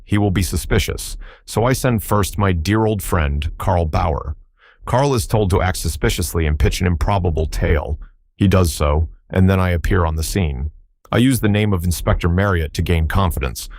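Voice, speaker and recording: A man's voice: deep voice, darkish tone, no echo, studio quality. A man voicing a sneering, menacing foreign spy villain in an audiobook. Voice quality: silky, menacing.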